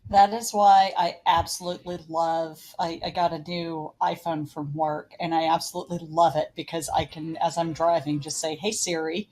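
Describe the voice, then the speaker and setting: A woman's voice: sits low, flat delivery, moderate pace, hardly any pauses, a little mellow, low-quality recording. A woman chatting casually and enthusiastically as a player on the show. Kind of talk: casual chat.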